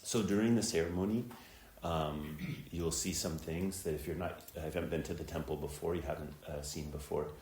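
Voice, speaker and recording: A middle-aged man with a very deep voice gives a reflective, unhurried dharma talk. He speaks as a Zen teacher, with frequent ums and uhs. The sound is echoey, from a temple hall with faint ambience behind him. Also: steady tone, a little mellow, slight background noise. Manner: reflective, unhurried, many filler words.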